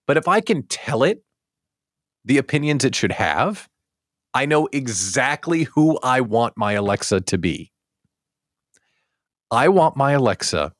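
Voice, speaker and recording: Animated, joking male host. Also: medium pitch, no echo, clean studio sound. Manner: animated, joking, rhetorical questions. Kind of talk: livestream talk show.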